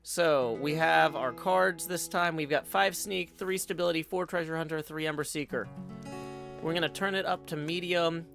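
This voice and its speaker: A man's voice: fairly high pitch, steady tone, normal speed, vocal fry, a bit bright. A man hosting a game stream, playfully explaining what he is doing as he plays. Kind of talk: casual gameplay commentary. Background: game music.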